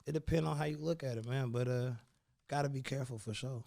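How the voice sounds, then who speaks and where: A man's voice: medium pitch, fast talker, vocal fry, a little mellow. A man from the Bay Area, a guest rapper talking casually in a studio interview with loose street slang.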